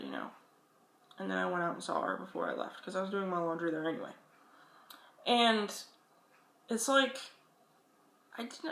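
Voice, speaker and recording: Jeune femme bavarde dans une pièce qui résonne. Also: female voice, medium pitch, creaky, fairly bright tone. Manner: rambling, chatty, swears freely. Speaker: vlogger giving advice. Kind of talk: casual advice vlog. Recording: echoey room.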